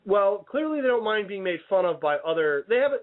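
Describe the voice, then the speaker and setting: A man's voice: high voice, sing-song, a little fast. A man hosting a comedy radio show, rambling with stumbling restarts and mock indignation. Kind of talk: casual comedic radio banter. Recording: tinny phone-like radio sound.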